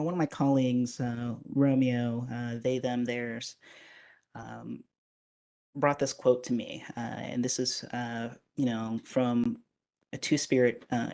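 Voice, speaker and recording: This is a live webinar presenter talking over a video-call computer microphone in a casual way, full of fillers and restarts. Their voice is medium in pitch and darkish in tone.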